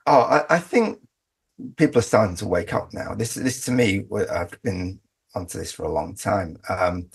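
A middle-aged Englishman living in Australia, speaking as an interview guest in a halting way with many restarts. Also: low-pitched, creaky, slightly rough. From England. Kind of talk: conversational interview.

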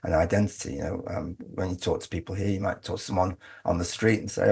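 A middle-aged Englishman living in Australia, speaking as an interview guest in a halting way with many restarts. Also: sits low, steady tone, vocal fry, a bit bright, husky. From England. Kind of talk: conversational interview.

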